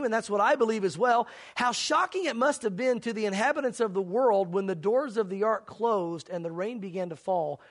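A man preaching a sermon, dramatic at times, acting out scenes and pleading earnestly with his listeners. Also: sits high. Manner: dramatic, acts out mocking crowds and shouts; earnest, pleading altar call. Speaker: pastor.

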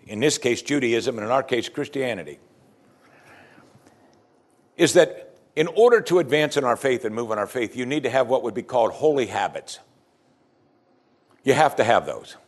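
A male pastor preaching a sermon, building emphasis and pressing his listeners with pointed questions. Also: mid-range voice.

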